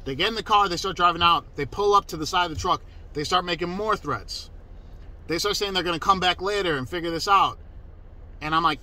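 Bright-voiced man telling a profane story. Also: sits high, fairly quick, poor audio. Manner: profane, emphatic, self-interrupting. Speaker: mover telling a personal story. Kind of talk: casual storytelling to camera.

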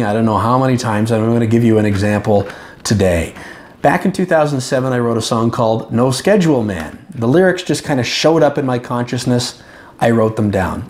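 A man giving calm, earnest, reflective advice to camera as a self-help vlogger, with slow emphatic phrases. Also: medium pitch. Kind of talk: casual reflective talk to camera.

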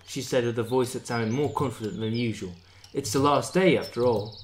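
A man reading a visual novel game aloud, playing every part himself in an animated way. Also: mid-range voice, normal speed, few pauses, a little hiss or hum. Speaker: let's play narrator.

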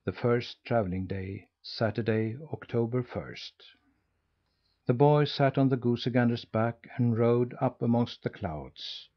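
A man's voice: mid-range voice, measured pace, muffled recording. Man narrating a classic storybook. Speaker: audiobook narrator.

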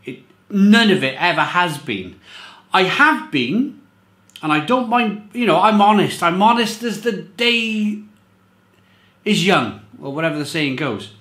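A man talks through a beer review in a loose, rambling way, circling back and repeating phrases to drive his points home. His voice sits a little high. The room around him rings with a noticeable echo. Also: expressive, unhurried, bright, forceful tone. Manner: rambling, repeats himself, emphatic. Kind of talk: casual review monologue.

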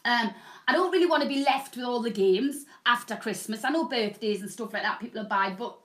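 Woman, 40s, high-pitched and brash live-shopping host, loud chatty patter. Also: a little fast. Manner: loud, bubbly, greets viewers by name. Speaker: shopping channel presenter. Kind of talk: live selling stream, chatty. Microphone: proper microphone.

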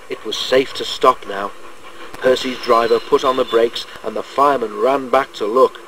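A man reading a children's railway storybook aloud in a measured, gentle storytelling manner. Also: medium pitch, slight background noise, low-quality recording. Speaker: narrator.

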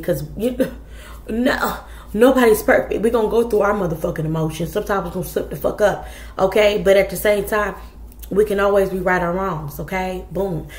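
A woman's voice: medium pitch, a little mellow. Casting note: woman tarot reader, blunt and profane, chatty, roomy echo. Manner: blunt, profane, chatty, addresses viewers as y'all. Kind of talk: casual tarot reading.

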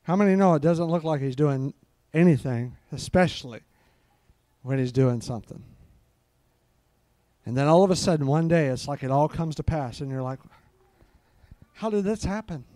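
A man's voice: fairly high pitch, moderate pace, mellow, dry recording. A middle-aged man preaching a live sermon, fervent and peppered with hallelujahs.

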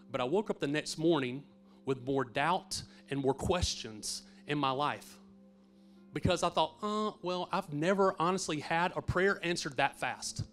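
In a sermon, a middle-aged pastor with a fairly high male voice tells a personal story of faith. He is earnest, swinging between hushed moments and emphatic ones.

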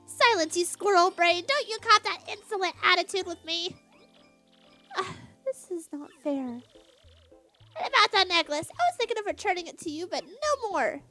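A woman's voice: very high-pitched, sing-song, normal speed, bright, forceful tone, faint music behind, voice pushed up, exaggerated voice. A woman voicing a bossy female villain leader who scolds imperiously. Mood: scolding.

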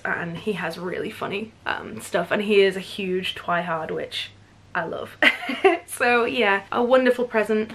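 A woman's voice: mid-range voice, a bit bright. A woman in her twenties chatting enthusiastically about books she bought, gushing and chatty. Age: 20s. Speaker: book vlogger. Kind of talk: casual book haul vlog.

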